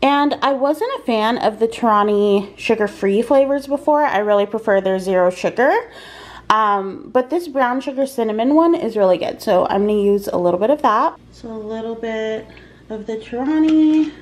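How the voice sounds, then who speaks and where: A woman's voice: fairly high pitch, moderate pace. A woman talking casually through her cooking in a home kitchen vlog, with frequent ums, over a faint kitchen fan. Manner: chatty, explains as she cooks, frequent ums. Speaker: vlogger. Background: kitchen fan and frying noise.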